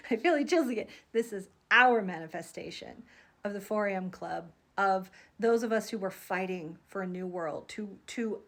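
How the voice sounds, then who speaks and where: A woman in her thirties talks straight to her viewers in an earnest, heartfelt vlog. Her voice sits at an ordinary middle pitch, and she tells her story with open feeling. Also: fairly bright tone. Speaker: psychic vlogger. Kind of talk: casual vlog monologue.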